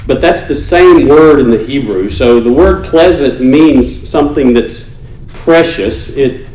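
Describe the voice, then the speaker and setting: A man's voice: medium pitch, unhurried, darkish tone, far from the mic. A man preaching a conversational sermon to his congregation as their pastor, earnest and repeating words as he restarts phrases. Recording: roomy church echo, faint noise.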